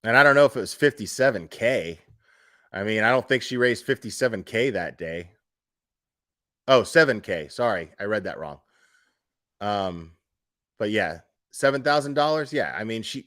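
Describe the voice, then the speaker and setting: A man with a fairly low voice hosts a loose true crime livestream from home. He rambles, swears and leans on sarcasm while reacting to chat. The sound is dry and close, with no room echo. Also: animated, moderate pace, fairly bright tone.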